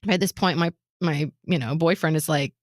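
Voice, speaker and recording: Woman retelling a story, lively and candid. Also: low-pitched, normal speed, no room sound, studio quality. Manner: animated retelling that acts out other people's lines, with nervous laughs. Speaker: podcast co-host. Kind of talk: casual chat, personal storytelling.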